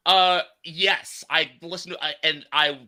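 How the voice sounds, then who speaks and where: A man with a very bright, somewhat high voice and an American accent, hosting a relaxed conversation. He stops and restarts often, piling up fillers as he feels his way toward each question. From United States. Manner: halting, many fillers and restarts. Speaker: podcast host. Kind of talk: casual chat.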